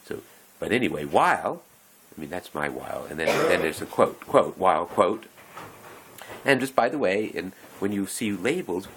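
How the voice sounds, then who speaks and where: A man's voice: deep voice, expressive, moderate pace, fairly bright tone, a little hiss or hum, rough recording. A man talking in a rambling, meandering way, often breaking off mid-sentence and chuckling as he goes. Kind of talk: rambling casual monologue.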